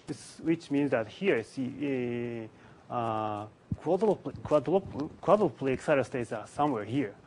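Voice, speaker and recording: A man giving a conference lecture on physics in a symposium room, speaking haltingly with many restarts and pauses. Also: medium pitch, slight background noise, poor audio.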